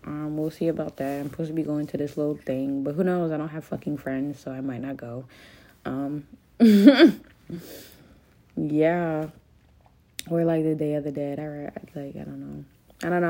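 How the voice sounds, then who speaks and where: A young woman with a warm voice that sits low hosts a podcast, rambling and venting through a confessional monologue on her own. She swears plenty and fills her speech with "like" and "um."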